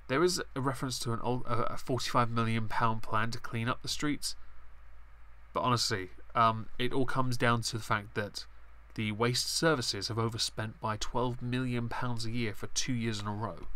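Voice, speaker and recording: A man's voice: medium pitch, pushed and bright. A man, congested and breathing heavily, giving opinionated, rambling live-stream commentary and swearing now and then.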